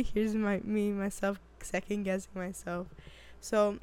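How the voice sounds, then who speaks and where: A woman hosting her own show in casual chat, hoarse and raspy from illness, chatty and rambling, laughing often and second-guessing herself. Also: medium pitch, steady tone, a little slow. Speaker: podcast host.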